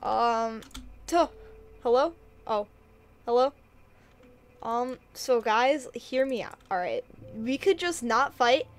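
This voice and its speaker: A woman's voice: a little high, animated, slow pace, pauses often. A woman streaming a game, chatting casually in a bubbly, giggly way while reading chat aloud.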